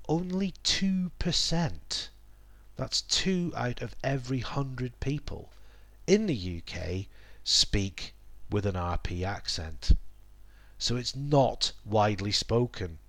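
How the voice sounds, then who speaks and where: A man's voice: mid-range voice, lively intonation, dry recording. Man explaining accents, dry close sound. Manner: measured, explanatory, lots of ums and restatements. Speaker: English teacher.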